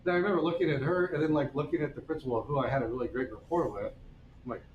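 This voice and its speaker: A man's voice: medium pitch, racing, phone-quality sound. Chill guy rambling a story in his smithy, echoey shop, little bit of hiss. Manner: laid-back, wry anecdotal delivery. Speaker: blacksmith streamer. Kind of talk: casual storytelling while forging. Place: blacksmith workshop. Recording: echoey workshop with faint ambient noise.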